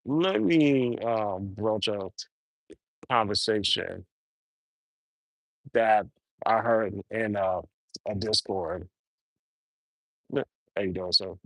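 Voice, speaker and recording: Man, low voice, wry, grumbling, casual live stream, outdoors at a zoo, phone mic, dry. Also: takes it slowly, gravelly, long pauses, a bit bright, no echo. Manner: wry, grumbling, talks to himself. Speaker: livestreamer.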